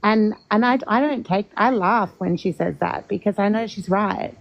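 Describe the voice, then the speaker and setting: A woman's voice: mid-range voice, moderate pace, muffled recording. A woman on a panel, talking candidly and casually about the people in her life. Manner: candid, laughs at herself. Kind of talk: casual chat.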